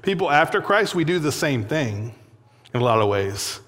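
A man's voice: a little high, sing-song, normal speed, fairly bright tone. A young man giving a sermon, telling a personal story in a loose, conversational way full of fillers and little laughs. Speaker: pastor. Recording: long hall reverb.

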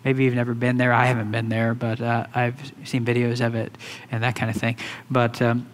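A man's voice: mid-range voice, monotone, normal speed. A man preaching a sermon in a loose, conversational way, with many fillers and restarts. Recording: hall reverb.

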